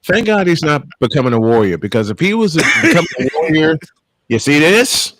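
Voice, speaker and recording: Animated laughing male podcast host. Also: a little high, fairly quick, no echo. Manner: animated, joking, laughs often. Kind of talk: casual sports podcast banter. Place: home studio.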